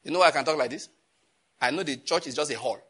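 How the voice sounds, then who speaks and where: A man preaching a sermon as pastor, animated and scolding, with jokes and sudden jumps in pitch. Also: quick pace, slightly rough.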